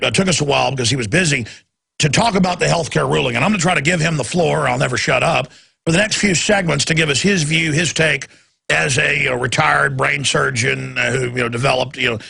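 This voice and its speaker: A man's voice: fairly high pitch, pushed and bright. A man hosting a talk radio show, ranting through a monologue and acting out the voices he quotes. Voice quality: gravelly, raspy.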